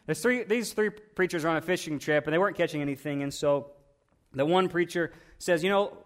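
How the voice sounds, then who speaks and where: A man's voice: fairly high pitch, fairly quick. A man pastor preaching a sermon in a conversational way, asking rhetorical questions and often repeating his words.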